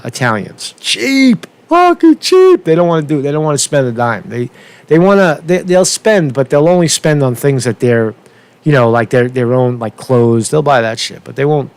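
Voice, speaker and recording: A man ranting unscripted on a political commentary vlog, profane and rambling, with halting restarts, repeated words, and a constant "right?" tag. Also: mid-range voice, vocal fry, darkish tone. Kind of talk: unscripted rant.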